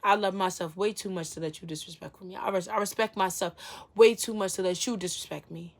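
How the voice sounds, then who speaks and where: A woman's voice: fairly low pitch, steady tone, a little fast. A young woman talking frankly to camera about self-respect, slangy and blunt, swearing freely and acting out her own inner dialogue. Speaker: vlogger. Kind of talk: candid self-help talk to camera.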